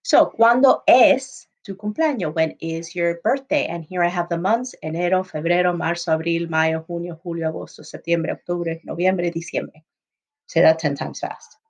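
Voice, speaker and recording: A woman's voice: on the low side, steady tone, moderate pace, hardly any pauses, darkish tone, low-quality recording. A woman teacher giving a recorded Spanish lesson, explaining patiently and moving between English and Spanish examples. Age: adult, not young.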